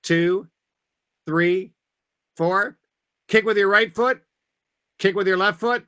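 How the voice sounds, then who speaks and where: A man's voice: high-pitched, slow pace, sharp tone, smooth, highs cut off. A man leading a group line dance as event facilitator, upbeat and calling out steps and counts over a video call.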